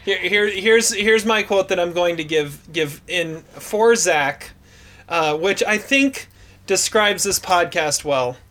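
A man's voice: sits high, slow, bright, forceful tone. A man hosts a casual podcast chat in a slightly raised voice. He laughs easily and trips over repeated words while steering things along. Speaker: podcast host.

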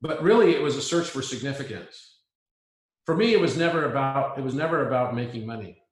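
A man muses aloud in a reflective spiritual chat, earnest and prone to restating his points. His voice sits at an ordinary pitch for a man. The recording carries a noticeable roomy echo. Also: expressive, brisk. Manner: musing, earnest, circles back to restate points. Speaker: guest.

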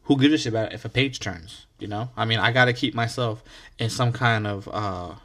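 A man's voice: on the low side, a little fast, fairly bright tone. A man hosting his own podcast in a casual, rambling solo monologue, restarting words and swearing freely, hyped up on coffee. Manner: laid-back, swears casually. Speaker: podcast host.

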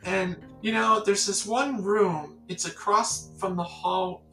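A woman's voice: medium pitch, slow, reverberant, faint music behind, rough recording. A woman from the Catskills, a songwriter, telling stories in a casual interview and acting out the people in them. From Catskills, New York. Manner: animated storyteller acting out quoted voices. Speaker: songwriter guest.

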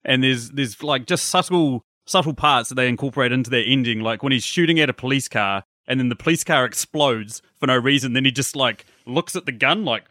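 A man hosting a casual film podcast, animated and acting out characters' reactions as he talks. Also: medium pitch, a little fast, few pauses, no room sound, clean studio sound. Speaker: podcast host.

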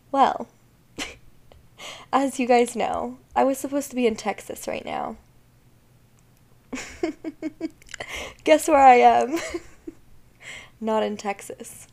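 A woman's voice: fairly high pitch, gravelly, a little mellow. A young woman hosting a solo podcast, chatting candidly with frequent swearing and laughs. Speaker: podcast host. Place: at home, fireworks outside.

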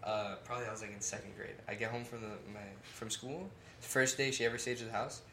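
A man's voice: mid-range voice, steady tone, quick pace. A young man, a musician guest, chatting casually and rambling on a podcast, laughing often. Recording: echoey room, faint noise.

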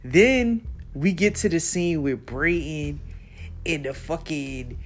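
A man's voice: fairly high pitch, slow pace. A man hosting a podcast, recapping a TV episode in a casual, slangy, profane way, laughing often and acting out his own reactions. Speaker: podcast host.

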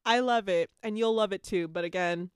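On her laid-back podcast, a woman host reads from a book and discusses it, laughing and using plenty of profanity. Her voice is mid-range and her pace normal, with slight background noise.

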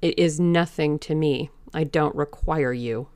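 A woman voicing a stern, disgusted Victorian gentleman who speaks coldly and scornfully in a slow, gravelly voice. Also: low voice, no room sound. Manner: cold, scornful.

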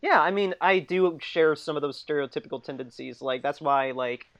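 A man in his thirties chats casually on a podcast, wandering through his points with constant fillers and easy laughs. His voice carries a rough, gravelly fry. The recording sounds dull and lo-fi, with a dry and close sound. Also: fairly high pitch, moderate pace, fairly bright tone, no room sound. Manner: rambling, full of "like" and laughs. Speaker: podcast co-host. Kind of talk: casual chat.

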